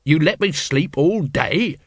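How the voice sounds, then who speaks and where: A man's voice: a little high, lively intonation, takes it slowly, husky, no room sound, voice pushed up, full character voice. A man reading an audiobook, voicing a weary, blunt middle-aged watch captain with a terse, dry manner. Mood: wary.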